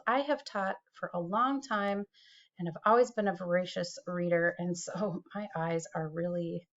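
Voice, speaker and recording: A middle-aged woman teaches through a recorded screen-share tutorial, chatting easily and poking fun at herself. Her voice sits at an ordinary pitch and comes through a computer mic. The recording sounds a little dull and lo-fi. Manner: chatty, self-deprecating, with small laughs.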